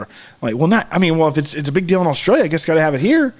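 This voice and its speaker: A man's voice: on the high side, sing-song, racing. A man co-hosting a podcast, chatting casually and rambling with many fillers and restarts. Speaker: podcast co-host. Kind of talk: casual chat.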